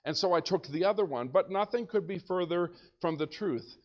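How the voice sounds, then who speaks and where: Animated storytelling pastor with a higher voice. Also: male voice, normal speed, muffled recording. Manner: animated storyteller, shouts when excited. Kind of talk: storytelling sermon. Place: church sanctuary.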